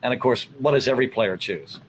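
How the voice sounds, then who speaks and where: A man's voice: mid-range voice, fast talker, lo-fi sound, slight background noise. A middle-aged man, a college soccer coach, answering interview questions in a reflective way with many fillers. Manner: reflective, many fillers, acts out what he tells players.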